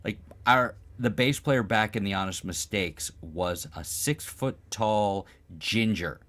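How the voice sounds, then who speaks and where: A man's voice: on the low side, slow, fairly bright tone. A man co-hosting a casual chat, rambling and self-deprecating. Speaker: co-host.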